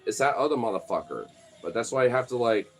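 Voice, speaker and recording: A man's voice: mid-range voice, lively intonation, fast, soft background music. A young man telling stories casually, rambling, swearing a lot and filling his talk with "like.". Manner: rambling, profane, many "like" fillers. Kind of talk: casual storytelling.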